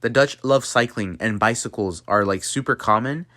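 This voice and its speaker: A man's voice: mid-range voice, normal speed, sharp tone, no echo, studio quality. Playful man hosting a mock lesson. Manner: playful, talks to viewers as a class. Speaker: channel host teaching a mock language lesson. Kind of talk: jokey tutorial narration.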